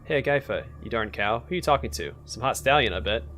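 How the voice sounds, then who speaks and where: A man's voice: mid-range voice, lively intonation, fast, fairly bright tone, slight background noise, natural voice. A man voicing a crude, screechy talking organ that taunts its shy host in a game. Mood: taunting. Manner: lewd, taunting.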